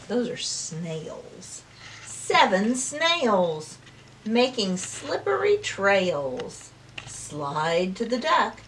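A woman telling a rhyming story at circle time for preschoolers, slow and expressive, dropping to whispers and rising to calls. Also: mid-range voice, far from the mic, a little hiss or hum. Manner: slow, sing-song and expressive, with big swings between whispers and calls. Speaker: preschool teacher.

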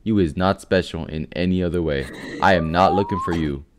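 A man hosting a gaming video who plays a boastful rich penguin in voice chat, talking in a brash, mocking, trash-talking way with loud bursts. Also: deep voice, a little fast, crowd noise. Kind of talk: in-game voice chat role-play.

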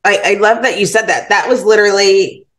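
A woman's voice: medium pitch, fairly quick, a bit bright, poor audio. A woman co-hosting a podcast, telling anecdotes in casual chat and quoting dialogue. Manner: chatty anecdotes, quotes dialogue. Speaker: podcast co-host. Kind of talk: casual conversation.

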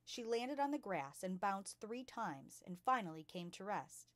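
A woman reading a children's novel aloud with lively expression as a storytime host. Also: mid-range voice, a little slow, no room sound. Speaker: storytime reader.

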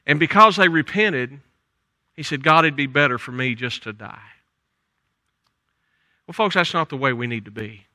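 A man's voice: mid-range voice, moderate pace, pauses often, no room sound. An older man with a Southern US accent preaching a folksy, conversational sermon in church. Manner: folksy, conversational preaching with soft trailing endings. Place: church sanctuary.

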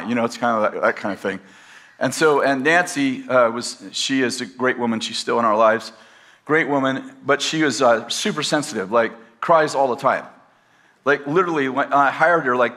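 A pastor telling a personal story to a live audience in a rambling, conversational way, with self-deprecating humor. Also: male voice, medium pitch, sharp tone. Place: campus teaching session.

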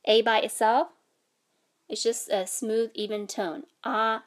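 A woman's voice: a little high, fairly even intonation, measured pace. A woman teaching a language lesson, patiently explaining and sounding out vowels and tones. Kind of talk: instructional explanation.

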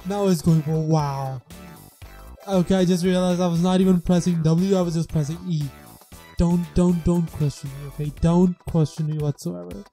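Self-mocking gamer with a mellow voice. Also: fairly even intonation, normal speed, faint music behind. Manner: self-mocking, laughing, squeals in high pitch when surprised; scats beatbox sounds along with the game. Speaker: gamer and channel host. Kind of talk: casual gameplay commentary.

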